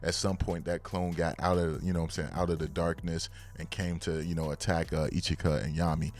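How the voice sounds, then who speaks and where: A man casually reviewing the latest comic chapters in slangy, excitable talk that now and then bursts into loud hype. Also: low voice, fairly quick. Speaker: manga reviewer.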